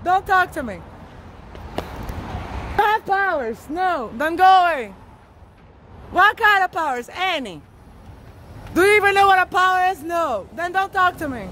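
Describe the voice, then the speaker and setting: A woman's voice: very high-pitched, lively intonation, unhurried, long pauses, noisy background. A woman ranting bluntly and combatively while walking outdoors on a city street, swearing a lot. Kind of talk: profane street rant.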